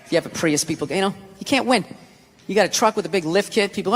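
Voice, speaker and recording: A male stand-up comedian on stage, ranting and swearing with sudden shouted bursts. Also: high voice, fast talker. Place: large comedy venue on stage. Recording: live hall with loud audience. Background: audience laughter.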